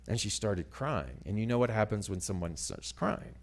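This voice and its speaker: A man telling a story as a sermon, dramatic and animated, dropping to hushed asides. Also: lowish voice, moderate pace, few pauses. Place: church sanctuary.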